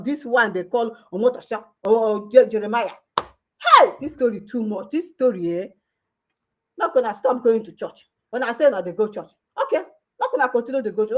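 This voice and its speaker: A Nigerian-accented woman vlogger rants with emphatic, scolding force. Her voice sits rather high, and she drops into pidgin and local phrases as she talks. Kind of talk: ranting commentary.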